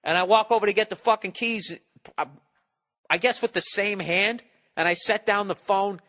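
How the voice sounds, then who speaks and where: A man's voice: sits high, normal speed, bright, forceful tone, in a large hall. A man in his forties hosting a podcast, rambling through a profane, self-mocking comic monologue at a studio mic, mimicking people in exaggerated voices. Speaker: podcast host. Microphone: studio podcast mic with windscreen.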